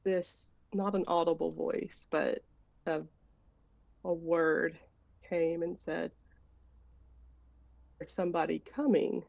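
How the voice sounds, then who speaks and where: A woman's voice: on the low side, level tone, slow, vocal fry, long pauses, no room sound. A woman on a video call tells a rambling, hesitant story to ask a question. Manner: rambling, hesitant, many fillers and restarts. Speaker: caller asking a question. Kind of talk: casual personal story. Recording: dull, dry, lo-fi call audio.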